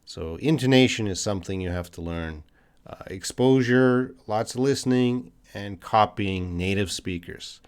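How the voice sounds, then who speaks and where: A Canadian-accented man teaching English on a live stream, reading viewers' questions and answering off the cuff. His voice sits fairly low, and he talks in loose, conversational bursts, with fillers and restarts as he works through each answer. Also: a little slow, clear, resonant tone. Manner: thinking aloud, many fillers and restarts, conversational.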